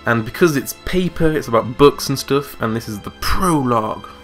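A man's voice: medium pitch, brisk, fairly bright tone, soft background music. A man giving chatty, joking commentary over a video game. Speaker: let's play commentator.

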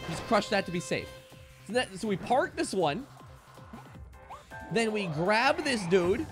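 A man streaming a video game live, thinking out loud and repeating himself, with sudden excited outbursts. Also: high voice, a little slow, pauses often, music in the background. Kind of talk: live gameplay commentary.

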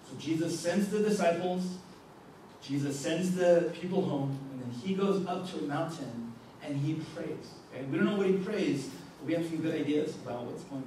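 A young male youth pastor gives a casual, talky sermon and keeps checking in with his listeners. His voice sits a little higher than most men's. He is picked up from across an echoey room with a faint hum behind him. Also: mellow, recorded from a distance. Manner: conversational, checks in with "okay?" and "right?". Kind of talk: youth sermon reading and explaining scripture. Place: youth ministry meeting room.

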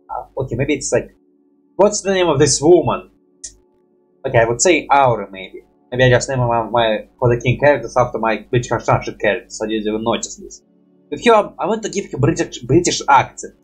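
Casual male reactor, breathy and mid-pitched, loose and meandering, slightly congested. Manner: rambling, thinking aloud, swears casually. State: slightly stuffy nose. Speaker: reaction video creator.

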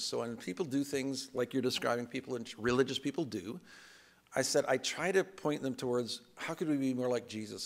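Gravelly-voiced man preaching casually. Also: mid-range voice, fairly bright tone. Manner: conversational and self-deprecating, with laughs and acted asides. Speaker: pastor. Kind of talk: sermon. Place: church sanctuary.

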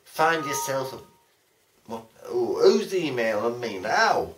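Bloke, sweary and all over the place, lively voice, roomy echo. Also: male voice, mid-range voice, slow, distant mic. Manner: rambling, sweary, easily sidetracked. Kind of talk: casual chat. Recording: roomy sound from off the mic.

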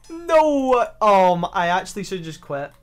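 A young man giving excitable, profanity-laced commentary over his own gameplay clips. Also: on the high side. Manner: excitable, swears freely, loud exclamations. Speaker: gaming YouTuber. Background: faint background music.

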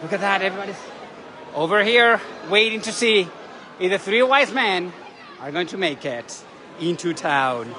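A man, excitedly narrating a live vlog from a city balcony outdoors. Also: high-pitched, moderate pace. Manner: gushing, excitable, chatty. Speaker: travel vlogger. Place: city balcony outdoors over a parade street. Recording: loud crowd and street noise outdoors. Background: crowd cheering, church bells.

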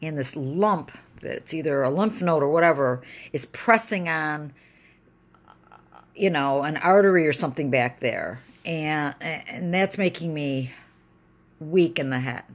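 A woman's voice: low-pitched, a little slow. A middle-aged woman talking in a personal video diary, emotional and rambling, venting her frustration. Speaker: vlogger.

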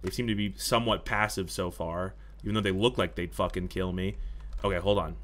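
A young man giving casual gameplay commentary, talking to himself, excitable and swearing often. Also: sits low, fairly quick. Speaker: gaming YouTuber.

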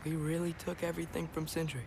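An actor playing a guilt-ridden teenage son in a video game, speaking in a hesitant, earnest way. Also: male voice, fairly high pitch, monotone, fast, creaky, a little mellow, slight background noise.

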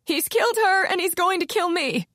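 A woman narrator voicing a terrified, haunted woman who talks in a hoarse voice close to tears, pleading and frantic. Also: fairly high pitch, moderate pace, no echo, pitched above the performer's own voice. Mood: panicked. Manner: frantic, pleading, rising into panic. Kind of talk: audiobook character voice.

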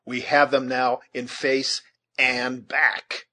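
A man voicing a seasoned frontier scout, adult and practical, who speaks in a plain, deliberate old-fashioned way with a husky voice. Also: medium pitch, fairly bright tone. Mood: rousing.

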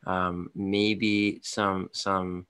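A man with a very low, flat voice gives blunt opinions in a rambling podcast chat. His tone is bright despite the depth. He sounds tired. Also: very slow, smooth. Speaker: podcast co-host. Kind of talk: casual hockey podcast chat.

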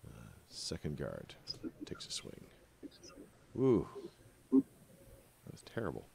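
Deep-voiced male game master. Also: slow pace, vocal fry, breathy edge. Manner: relaxed, many filler uhs. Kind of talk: narrating a tabletop game.

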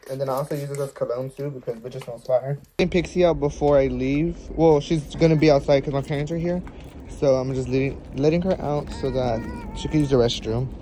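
A man's voice: mid-range voice, a little fast, darkish tone, slight background noise. A young man vlogging, chatting to the camera in a sassy, swear-filled way, first at home, then in his car and at a dealership. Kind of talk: casual chat to camera.

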